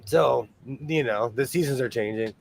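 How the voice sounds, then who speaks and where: A man's voice: mid-range voice, moderate pace, vocal fry. A man hosting a sewing livestream, chatting casually and animatedly, laughing often.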